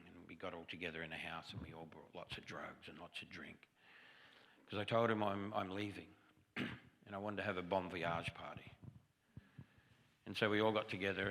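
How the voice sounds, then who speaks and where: Deep gravelly man preaching in a hall. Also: bright, forceful tone. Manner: storytelling, conversational, self-deprecating humor. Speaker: guest preacher. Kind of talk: testimony sermon. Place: church sanctuary.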